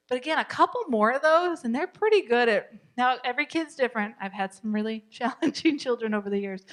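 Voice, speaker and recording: Encouraging woman teaching a parenting class. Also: a little high. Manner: encouraging, repeats key points, laughs often. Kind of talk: live parenting class talk. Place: church.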